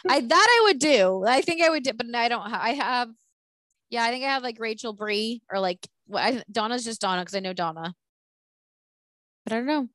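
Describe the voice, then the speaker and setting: A woman's voice: a little high, lively intonation, a little fast, a bit bright, dry recording. A woman in casual chat who laughs often and trails off into restarts.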